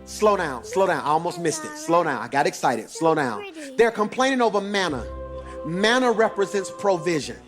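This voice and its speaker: Man, pastor, very high voice, sung preaching cadence, faint music behind. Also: expressive, moderate pace. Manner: preaching with rising sung cadence and call-outs to the congregation. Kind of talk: sermon.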